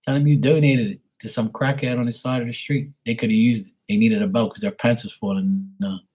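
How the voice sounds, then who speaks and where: A man's voice: mid-range voice, steady tone, brisk, a little mellow. A man hosting a casual live stream and chatting with viewers, speaking bluntly with plenty of profanity and a rambling flow.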